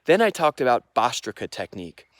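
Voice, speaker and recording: A man teaching meditation, talking through breathing techniques in a casual, unhurried way outdoors in the mountains, with pauses, fillers and breathing demonstrations. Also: mid-range voice, big pitch swings, dry recording, clean studio sound. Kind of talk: casual explanatory vlog.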